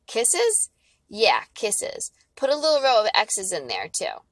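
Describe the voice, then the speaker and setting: A woman reading a children's novel aloud, giving the characters lively voices. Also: medium pitch, slow pace, no room sound. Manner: expressive, lively dialogue voices. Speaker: audiobook reader. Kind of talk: storybook read-aloud.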